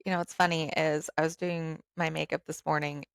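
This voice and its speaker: Sympathetic woman host, quick to laugh. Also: low-pitched, level tone, gravelly, clear, resonant tone, no room sound, studio quality. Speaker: podcast host. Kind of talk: casual interview chat.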